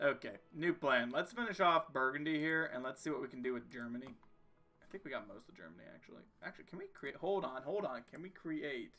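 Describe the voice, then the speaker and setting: A man's voice: medium pitch, bright, forceful tone. A young man casually commenting on his strategy game as he plays, joking and talking to himself and the game. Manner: jokey, talks to himself and the game. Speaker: streamer playing a strategy game.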